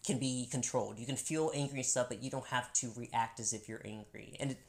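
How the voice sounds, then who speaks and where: A woman's voice: very deep voice, steady tone, fairly quick. A woman talking candidly in a casual couple's chat, laughing often and restarting her sentences.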